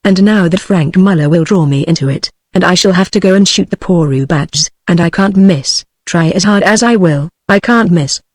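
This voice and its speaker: A woman's voice: lowish voice, moderate pace, few pauses, darkish tone, dry recording, clean studio sound, natural voice. A text-to-speech woman's voice with a British accent, voicing a mournful old Boer farmer in a novel. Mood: grumbling. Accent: British English. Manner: mournful, repetitive complaining.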